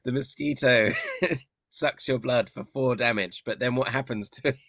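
A man's voice: mid-range voice, normal speed, gravelly, fairly bright tone, no room sound, clean studio sound. A man narrating a tabletop game as game master, laughing often.

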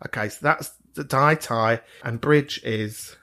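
A man's voice: medium pitch, a little slow, pushed and bright. A man, hosting a podcast in sweary, camp, gossipy chat and laughing often. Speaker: podcast host. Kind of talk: casual comedic chat.

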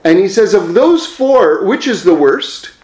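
A man's voice: high voice, very animated, a little slow, darkish tone, echoey room. A man telling religious teaching stories in a conversational way, with frequent fillers and self-corrections. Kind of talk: storytelling religious lesson.

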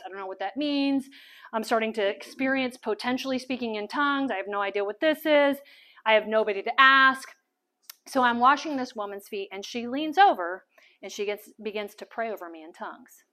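A woman telling a personal testimony as a sermon, animated and full of stammered restarts. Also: a little high. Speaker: speaker sharing testimony. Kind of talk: sermon storytelling.

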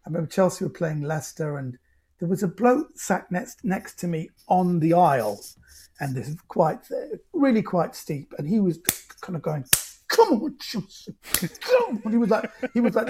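Husky man telling stories. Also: on the high side. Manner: animated, stumbling restarts. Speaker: guest. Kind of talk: casual storytelling.

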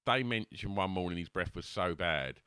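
Low, lively co-host, bright and dry. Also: male voice, moderate pace, smooth, no echo. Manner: stammering restarts, storytelling. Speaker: podcast co-host. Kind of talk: casual comedic chat.

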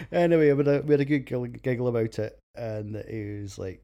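A man's voice: lowish voice, steady tone, normal speed, vocal fry, pauses often, warm tone. A Scottish man hosting a beer podcast, reading a casual, crude, self-mocking script and laughing at his own jokes.

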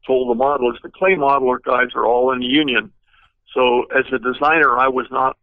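Gravelly older man telling anecdotes. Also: mid-range voice, dry recording, narrow, tinny audio. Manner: rambling anecdotes with many fillers. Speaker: guest car designer. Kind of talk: storytelling interview.

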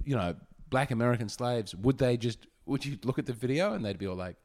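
A man hosting a comedy podcast, his voice sitting at an ordinary middle pitch. He rambles through jokey daydreams in loose, casual chat. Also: lively intonation, brisk, darkish tone. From Australia.

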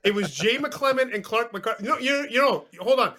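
A man appearing as a guest sports writer, thinking out loud and second-guessing his memory as he talks. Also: very high-pitched, animated, brisk, crowd noise. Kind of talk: casual chat.

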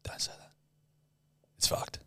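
A man's voice: unhurried, pushed and bright, no echo, whispered. A man co-hosting a podcast, bantering crudely, teasing, and laughing a lot. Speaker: podcast co-host. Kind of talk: casual banter.

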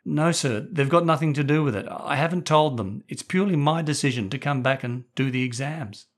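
A man's voice: a little high, a little fast, pitched above the performer's own voice, close to an everyday voice. A man doing a stammering nervous schoolboy. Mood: nervous pleading. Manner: stammering, earnest.

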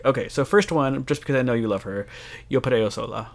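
A man hosting a casual podcast chat, playful and joking with quick asides. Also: medium pitch, gravelly. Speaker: podcast host.

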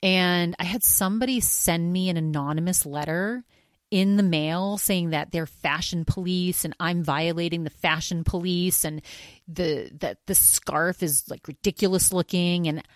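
Woman podcast host, lowish voice, dry close sound, rambling and animated with many restarts. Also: a little slow, no echo. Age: older than college age. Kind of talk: casual podcast monologue.

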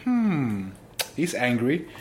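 A man, a former footballer, telling stories in an interview, animated and full of exclamations. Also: mid-range voice, drawn-out words, slight background noise. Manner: animated, exclaims often, restarts sentences. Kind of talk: casual interview storytelling.

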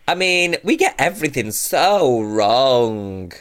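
A man's voice: mid-range voice, big pitch swings, normal speed, fairly bright tone. A man co-hosting a podcast, chatting casually and ranting animatedly, swearing freely. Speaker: podcast co-host. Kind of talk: casual comedic chat.

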